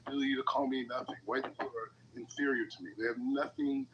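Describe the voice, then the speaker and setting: A man's voice: medium pitch, fairly even intonation, fast, dull audio, crowd noise. A man arguing as a guest in a live audio chat room, combative and taunting, repeating his insults again and again, on a noisy line with a hum. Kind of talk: heated debate.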